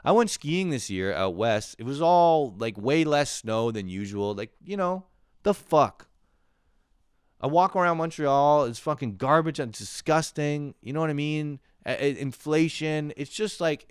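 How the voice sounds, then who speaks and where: A man's voice: fairly high pitch, animated, a little slow, clean tone, no room sound, studio quality. A young man delivering a casual comedic monologue, rambling and exasperated, swearing as he rants. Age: young adult. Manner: profane, rambling, exasperated ranting. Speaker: comedian podcast host.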